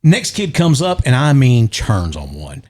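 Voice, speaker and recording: A middle-aged man with a drawl tells a story in a relaxed podcast chat, at an ordinary middle pitch. He keeps it lively and jumps into the voices of the people in his tale. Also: unhurried. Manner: animated, acts out quoted voices. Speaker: podcast guest or host.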